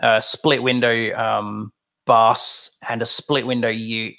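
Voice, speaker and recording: A man in his thirties with an Australian accent, telling animated stories in a casual chat and acting out the voices of people he quotes. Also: mid-range voice, takes it slowly, vocal fry. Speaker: guest.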